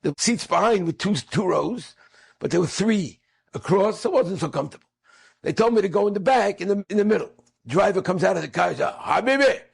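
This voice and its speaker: Gravelly high-voiced storytelling man. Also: fairly quick. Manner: animated, acts out quoted speakers. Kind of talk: storytelling talk.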